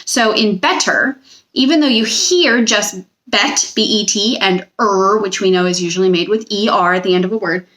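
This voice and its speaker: A woman's voice: medium pitch, a bit bright. A young woman teacher giving a recorded spelling lesson to children, patient and drawing out each word. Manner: patient, slow, stretches out words.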